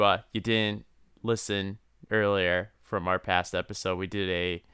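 A man's voice: on the low side, sharp tone, clear, resonant tone, no room sound, studio quality. A young man co-hosting a podcast, chatting casually, laughing often and stumbling over his words. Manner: laughs often, stammering restarts. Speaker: podcast co-host. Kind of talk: casual chat.

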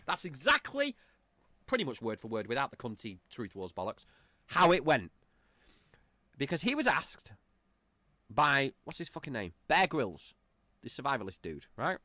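A man rants through a podcast monologue in a bright, tense voice that swings widely up and down. His talk is profane, rambling and mocking, and the sound is close and dry. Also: medium pitch, huge pitch swings, normal speed, long pauses, no echo. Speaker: podcast host.

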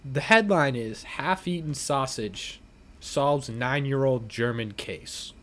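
Man, podcast co-host, casual chat, profane, excitable. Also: medium pitch, takes it slowly.

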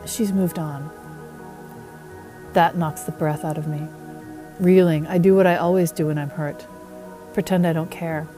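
A woman's voice: low voice, steady tone, moderate pace, mellow, faint music behind. A woman author reading her first-person novel aloud in a wry, self-mocking tone.

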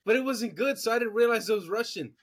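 A man on a podcast casually telling his friends a story in a flat, deadpan way. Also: very high-pitched, fast talker. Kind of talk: casual chat.

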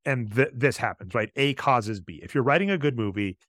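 A male podcast co-host talks through how stories are built, analytical and a little lecturing. His pitch sits in an everyday middle range. The sound is close and dry, with almost no room around it. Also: expressive, brisk, a bit bright, dry recording. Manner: analytical, explains storytelling basics. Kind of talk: casual podcast chat.

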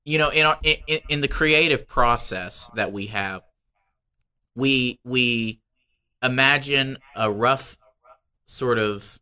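A man co-hosting a podcast, telling stories in a halting way with many restarts. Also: mid-range voice, pushed and bright, clear, resonant tone. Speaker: podcast co-host. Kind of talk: casual chat.

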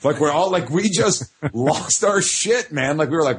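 A man co-hosting a podcast, telling excitable stories in casual chat with plenty of swearing. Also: medium pitch, fairly quick, hardly any pauses, slightly rough. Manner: lively, swearing, excitable storytelling. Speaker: podcast co-host.

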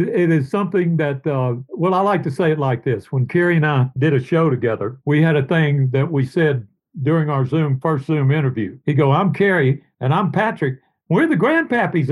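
A man's voice: a little high, low-quality recording. An older man, a guest telling long, rambling stories in a casual interview. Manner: rambling, warm anecdotes, sings made-up tunes.

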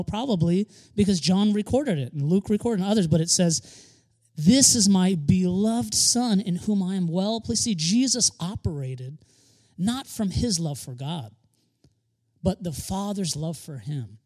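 A man's voice: sits high, a little mellow. A man preaching a sermon as pastor, emphatic, repeating key phrases for stress and slipping in joking asides.

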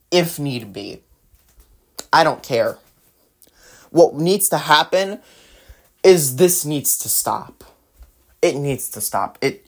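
A woman, hosting her own podcast. She rails against politics in an indignant monologue, hitting some lines loud and others low. The outbursts are heated and direct. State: out of breath at times. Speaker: podcast host.

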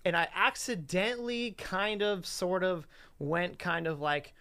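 A man's voice: sits high, lively intonation, measured pace, bright, forceful tone, smooth, no echo. A man as a radio show guest, telling stories in a laid-back, rambling way with lots of fillers. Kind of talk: casual interview chat.

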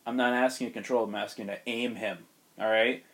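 A man doing a gruff adult mutant fighter, grim and hard. He speaks low and quiet with clipped menace, as in a retold comic story. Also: fairly even intonation, fast talker, lightly acted. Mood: menacing.

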